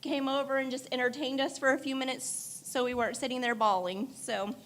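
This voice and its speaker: A woman with a high voice delivers a heartfelt eulogy in a church. She tells candid stories with a mix of laughter and tears, and her voice breaks into crying at times. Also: steady tone, fairly quick, a bit bright, slight background noise. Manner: emotional, candid storytelling with laughter through tears. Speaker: daughter giving a eulogy. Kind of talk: memorial eulogy.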